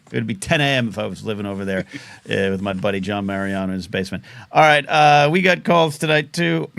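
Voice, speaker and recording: A man's voice: on the low side, expressive, normal speed, vocal fry, fairly bright tone, dry recording. A man hosting a live call-in show, rambling and joking in a casual talk-radio manner, his throat catching now and then. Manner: rambling, joking, self-mocking. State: throat catching after choking on a chip.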